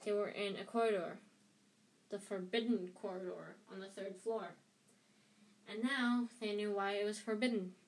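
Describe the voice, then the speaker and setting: A woman's voice: medium pitch, fairly even intonation, normal speed. A woman reading a novel aloud who often stumbles and rereads words, recorded from a slightly distant mic. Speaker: reader.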